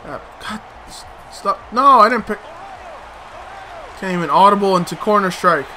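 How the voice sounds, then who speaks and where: A man with a high, very bright and sharp voice talks slowly through his gameplay. He mutters to himself and swears when things go wrong, with sudden loud outbursts. A faint hiss sits under the recording. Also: lively intonation. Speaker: let's play host. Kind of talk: gameplay commentary.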